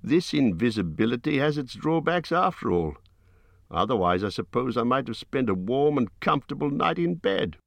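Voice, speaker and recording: A man voicing a small, fussy, kindly male hobbit who speaks in a high, eager, slightly shaky voice. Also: sing-song, moderate pace, creaky, no echo.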